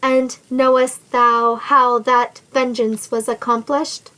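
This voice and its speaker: A woman's voice: on the high side, little pitch movement, slow, pushed and bright, low-quality recording. A woman reading the part of a scheming, vengeful nobleman who threatens a captive woman in sneering, old-fashioned formal speech. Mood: menacing.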